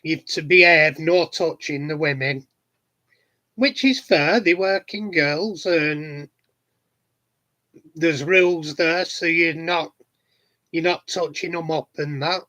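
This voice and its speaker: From his garden shed at home, a middle-aged Yorkshire man who vlogs as a hobby answers viewers with cheeky anecdotes in casual chat. His voice is fairly high and sharp, and he speaks slowly with frequent pauses.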